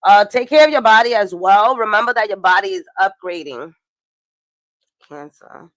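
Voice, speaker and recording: A woman's voice: medium pitch, expressive, moderate pace, no room sound. A young woman talks through a casual tarot and astrology reading. She is chatty and swears freely, with laughing asides. Her voice sits in a middle register, recorded dry and close. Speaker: tarot reader.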